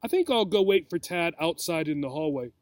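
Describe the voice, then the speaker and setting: A man's voice: on the high side, lively intonation, fairly quick, no room sound, natural voice. A man voicing a small, timid, nervous female gerbil in a storybook reading, speaking politely in a small voice.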